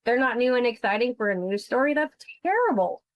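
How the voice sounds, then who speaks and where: Woman, fraud investigator, podcast guest, blunt, emotional, fairly high voice, dry sound. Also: sing-song, a little fast, no room sound, highs cut off. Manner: blunt, emotional, swears freely. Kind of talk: podcast interview.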